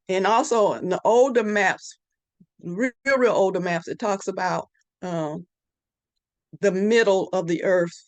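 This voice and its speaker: Woman talking slow n halting, lots of uhs, dry close sound. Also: fairly low pitch, dry recording. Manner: hesitant, halting with many fillers. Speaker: group member. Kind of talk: faith group exhortation.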